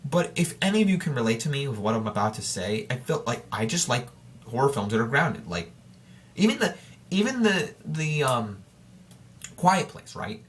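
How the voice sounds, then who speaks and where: A man's voice: mid-range voice, sing-song, moderate pace. A man hosting a solo podcast in casual chat, talking straight to his listeners and rambling, with frequent restarts and self-corrections. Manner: informal and chatty, addressing listeners directly. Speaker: podcast host.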